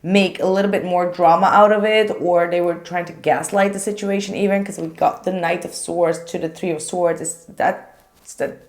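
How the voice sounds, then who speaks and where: A young woman giving a casual tarot reading to viewers, chatty and animated, with frequent filler words. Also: lowish voice, normal speed. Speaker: tarot reader.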